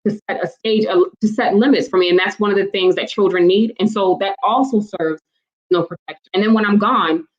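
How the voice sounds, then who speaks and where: A woman leads a live-stream talk for parents, talking in a conversational way and often checking in with her viewers. Her voice sits at a medium pitch, and the audio is a bit dull and lo-fi. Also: fairly even intonation, brisk. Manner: conversational, asks the audience for responses. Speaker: host and parenting educator.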